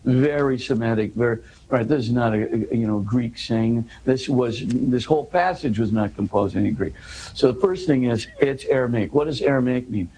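A man's voice: medium pitch, moderate pace, warm tone, slight background noise, low-quality recording. A man in an interview, earnestly explaining a scripture passage, often restarting and pushing his voice up for emphasis.

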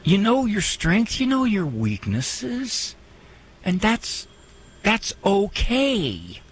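A man hosting a radio talk show, speaking in a lively, folksy way with joking asides. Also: sits high, slight background noise, low-quality recording. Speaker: radio host and psychologist.

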